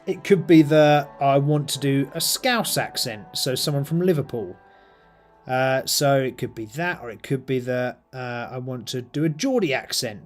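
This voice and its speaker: A middle-aged British man casually chatting on his live stream while painting miniatures, rambling with lots of ums and uhs. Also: on the high side.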